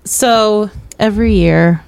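A woman's voice: mid-range voice, slow, vocal fry, darkish tone, clear, resonant tone. A woman co-hosting a movie review podcast, chatting casually and laughing often. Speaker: podcast co-host.

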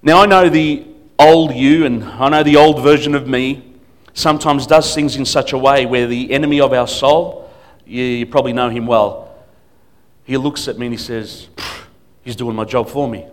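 A man preaching as a guest speaker at a church service, emphatic, swinging between loud declarations and quiet asides. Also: mid-range voice, fairly even intonation, normal speed. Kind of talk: sermon.

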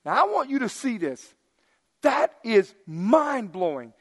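Man, pastor, sermon, high voice, long hall reverb, loud then hushed. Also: takes it slowly. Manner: animated, swings from loud emphasis to hushed asides.

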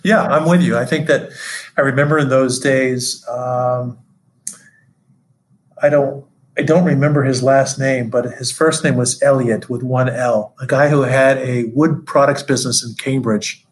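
A man's voice: medium pitch, fairly even intonation, measured pace, low-quality recording. An older man with a mid-range voice leads a reminiscing conversation with a former partner. He tells stories at an easy pace. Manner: storytelling, acts out quotes. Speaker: interviewer and former colleague.

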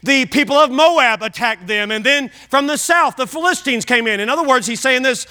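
High, bright-voiced preaching man. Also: moderate pace. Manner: emphatic preaching with repetition; questions the congregation directly. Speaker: pastor. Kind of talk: sermon. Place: church sanctuary.

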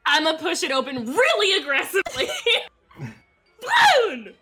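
High, giggly woman player. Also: animated, measured pace, pushed and bright. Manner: playful, giggly. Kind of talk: playing a tabletop game.

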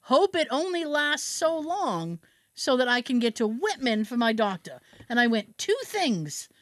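A woman's voice: on the high side, animated, normal speed, no echo. A woman chatting casually as a podcast host, telling a story with lots of swearing and acting out both sides of phone calls. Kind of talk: casual chat.

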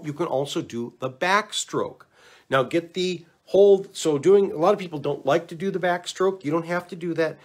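A man giving relaxed, chatty instructions on neck exercises, talking to the camera and demonstrating as he goes. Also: fairly high pitch. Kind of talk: casual instructional talk to camera.

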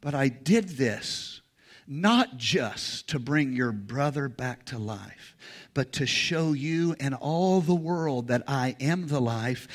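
A man preaching a sermon in a church, leading the congregation in call-and-response and rising to loud, emphatic peaks. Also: mid-range voice, expressive, takes it slowly. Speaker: pastor. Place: church sanctuary. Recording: music playing behind.

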